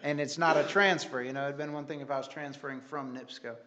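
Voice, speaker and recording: A man's voice: medium pitch, fairly even intonation, fast talker, sharp tone, lo-fi sound. A man giving an earnest, rambling church testimony with many restarts. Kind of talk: sermon testimony.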